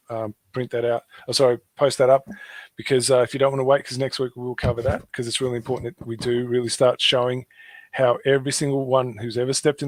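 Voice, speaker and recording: A man's voice: mid-range voice, dry recording. Earnest Australian man talking casually. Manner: earnest, repeats himself, many fillers. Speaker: host. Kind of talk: casual online show chat.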